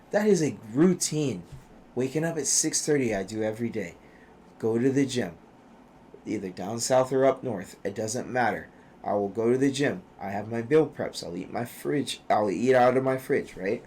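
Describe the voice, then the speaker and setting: A man's voice: medium pitch, lively intonation, normal speed, a little mellow. Brief: podcast guest, adult man, former pro athlete, swears freely, hammers points home, mid-range voice, faint background hiss. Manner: profane, emphatic, preachy when serious. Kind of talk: casual chat.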